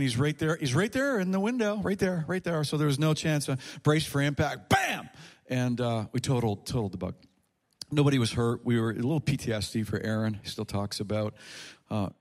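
A man casually telling a personal story with a faith message, animated and repeating phrases as he acts out the people in it. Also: medium pitch.

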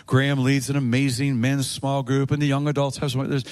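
A man's voice: medium pitch, level tone, fairly quick, a little mellow. A man preaching a sermon to his church, leading the congregation in call-and-response and stressing points with repetition. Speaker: pastor.

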